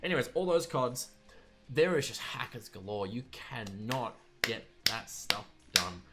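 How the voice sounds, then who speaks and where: A man's voice: medium pitch, expressive, a little slow, over loud music. A young man around twenty, a streamer, ranting casually about pet peeves with sarcastic, exasperated asides. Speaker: streamer and video maker.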